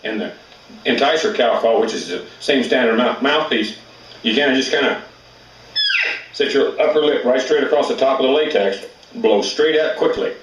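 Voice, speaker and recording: A man's voice: mid-range voice, moderate pace, reverberant, distant mic, very noisy. A man teaching elk calling in a plainspoken, folksy way, with rural grammar. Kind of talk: outdoor hunting instruction.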